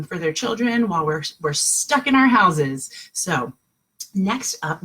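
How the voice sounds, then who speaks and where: A breathy-voiced woman leads an online kindergarten lesson from home. She speaks in a sing-song, encouraging way, slow and clear for small children, at a middle pitch. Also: a bit bright. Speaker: kindergarten teacher. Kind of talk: online class for young children.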